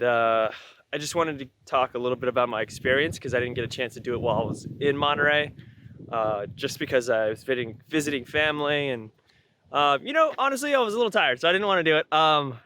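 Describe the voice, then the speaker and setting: A man's voice: medium pitch, lively intonation, quick pace, bright, forceful tone. A young man vlogging casually outdoors on a windy day, rambling with lots of ums and uhs and correcting himself. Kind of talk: casual vlog talk to camera. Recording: faint wind noise outdoors.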